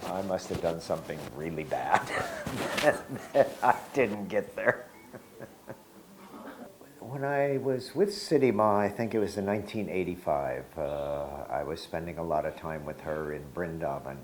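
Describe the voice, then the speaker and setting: A man in his sixties telling a personal spiritual story in an unhurried, reflective way, with soft laughs. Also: low-pitched, animated.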